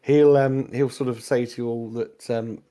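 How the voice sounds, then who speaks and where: A man's voice: medium pitch, fairly even intonation, normal speed, warm tone. A man narrating a tabletop game as game master, hesitant with many fillers.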